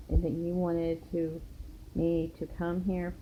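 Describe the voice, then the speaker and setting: A woman's voice: on the low side, completely flat delivery, takes it slowly. A woman in her thirties telling a personal story in a casual, blunt and profane way, with a lot of emphasis. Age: 30s. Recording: dull lo-fi recording, faint hiss.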